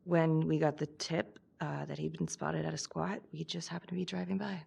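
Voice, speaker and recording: A woman's voice: sits low, level tone, normal speed, vocal fry, a little mellow, husky, full character voice. An actress playing a tough female police detective with a blunt, terse manner. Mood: defensive.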